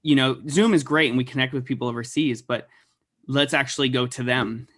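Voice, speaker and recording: A man's voice: medium pitch, fairly quick, a bit bright. A man co-hosting a podcast who talks earnestly in a rambling, casual way with many fillers. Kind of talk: casual conversational interview.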